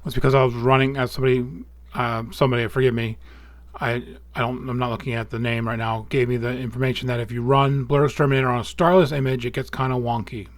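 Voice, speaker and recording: Man calmly talking through software steps. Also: medium pitch, fast, no echo. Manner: relaxed, thinking aloud with small slips and self-corrections. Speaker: astrophotography tutorial host. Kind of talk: casual screen-recorded software walkthrough.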